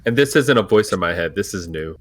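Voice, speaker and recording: Very low-voiced wry woman. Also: expressive, fast. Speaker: player. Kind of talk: tabletop role-play.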